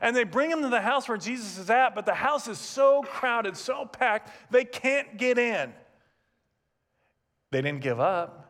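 Male pastor, fairly high voice, lively storytelling sermon delivery. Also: measured pace. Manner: animated storytelling with asides and laughs. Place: church sanctuary, also streamed.

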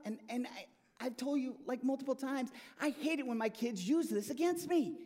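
Male pastor, sermon delivery, high voice with big swings in pitch, emphatic and prone to restarts. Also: normal speed. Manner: animated, emphatic preaching with rising and falling intensity.

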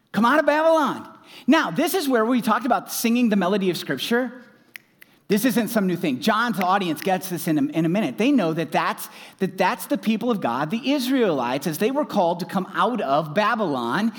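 Animated man preaching a sermon. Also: fairly high pitch, big-room sound. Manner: animated, rising to loud emphatic exclamations. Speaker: pastor.

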